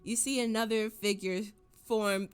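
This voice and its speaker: A woman's voice: mid-range voice, fairly even intonation, unhurried, clear, resonant tone, soft background music. A woman narrating as game master of a tabletop role-play, describing scenes unhurriedly.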